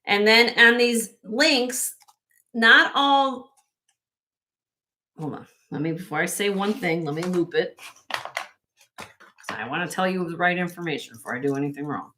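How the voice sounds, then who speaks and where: A woman's voice: lowish voice, expressive, unhurried, long pauses, sharp tone, a little hiss or hum. A woman hosting a casual live-stream jewelry sale, chatty and self-correcting, laughing often as she shows pieces to viewers.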